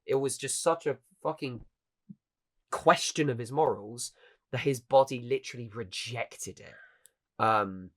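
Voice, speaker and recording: A man's voice: mid-range voice, a little slow, fairly bright tone. A man co-hosting a casual anime podcast, retelling scenes animatedly, acting out the characters' lines and swearing casually. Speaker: podcast co-host. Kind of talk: casual chat about anime.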